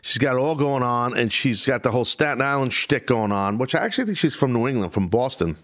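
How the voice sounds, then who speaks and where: A man's voice: medium pitch, animated, quick pace, fairly bright tone. Rambling, opinionated male podcast host. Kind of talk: casual wrestling commentary.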